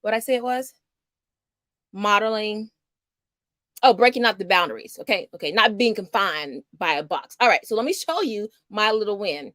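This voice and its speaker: A woman's voice: medium pitch, animated, normal speed, a bit bright, no room sound. A middle-aged woman from Houston, hosting a casual homeschool livestream in a chatty, rambling way. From Houston, Texas. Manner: chatty, upbeat, rambling with fillers. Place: small home studio.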